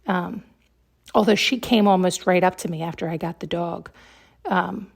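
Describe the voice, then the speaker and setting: A woman hosting a podcast, telling a story in a chatty, excitable way and laughing often. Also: lowish voice, moderate pace, creaky. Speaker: podcast host. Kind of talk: casual storytelling monologue.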